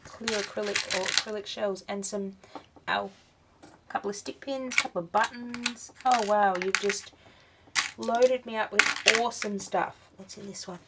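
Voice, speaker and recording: A woman's voice: medium pitch, fairly even intonation, a little slow, heavy background noise. A woman, tired and yawning, chatting through a craft unboxing vlog and exclaiming over each little item. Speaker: craft vlogger.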